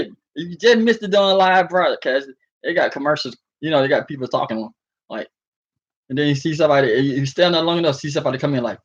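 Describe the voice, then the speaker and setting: A sleepy vlogger rambles casually to his viewers from home, chuckling often and using slang. His slightly high voice is expressive and fast, captured in a muffled lo-fi recording.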